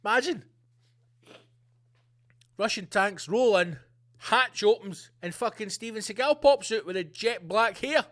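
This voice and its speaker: High-pitched, profane male ranter. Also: unhurried, pauses often. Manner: loud, profane, animated ranting. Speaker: podcast host. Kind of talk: comedic rant.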